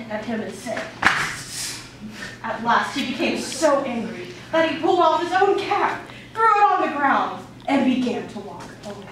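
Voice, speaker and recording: Playful woman storyteller, high voice; distant mic, noisy room. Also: very animated, normal speed. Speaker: student storyteller. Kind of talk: reading a children's story aloud in class. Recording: echoey room, far mic, background noise.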